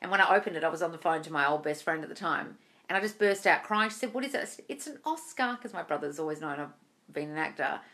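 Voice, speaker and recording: A woman's voice: low voice, expressive, quick pace, sharp tone. A woman in her thirties hosting a live-stream Q&A at home, reading viewers' comments aloud and answering them bluntly and casually, calling them darling and swearing freely. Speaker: manifestation coach. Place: home room. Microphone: phone or webcam on a live stream.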